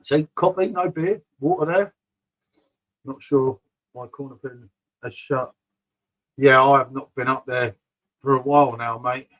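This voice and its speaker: A man's voice: mid-range voice, measured pace, pauses often, fairly bright tone, low-quality recording. A middle-aged man rambling casually about beer on a live stream, often calling viewers mate. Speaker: beer vlogger reading live chat.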